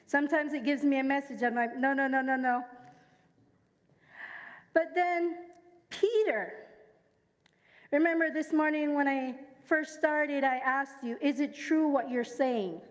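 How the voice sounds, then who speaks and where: Preaching in her Jamaican accent, this woman from Jamaica engages the congregation, asking them to echo her lines as she shares stories from her own life. Her voice sits high, her pace is measured, and the sound is that of a big room.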